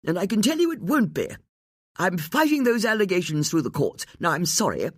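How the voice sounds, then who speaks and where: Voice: medium pitch, sing-song, a little fast, no echo, clean studio sound, pitched above the performer's own voice. A narrator doing a pompous, stammering lord. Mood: defensive. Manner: drawling, stammering. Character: pompous middle-aged lord, evasive and rattled.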